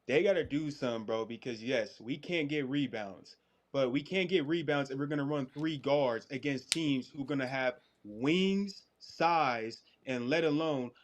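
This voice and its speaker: Caller, man, rushed delivery, mid-pitched, everyday voice. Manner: hurried, worried about his connection. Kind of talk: call-in on a livestream.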